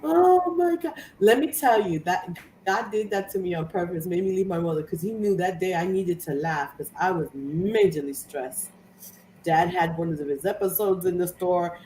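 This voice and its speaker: A woman's voice: fairly low pitch, lively intonation, moderate pace, dark tone, slight background noise. A woman chatting casually and telling a funny family story, laughing often as she talks. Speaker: co-host of a crafting live show. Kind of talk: casual chat. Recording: echoey room from far off.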